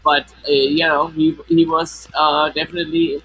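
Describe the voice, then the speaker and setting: A man's voice: on the high side, flat delivery, normal speed, pushed and bright, slight background noise, poor audio. Hesitant man with a flanged voice. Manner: hesitant, many restarts and fillers. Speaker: co-host. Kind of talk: casual chat.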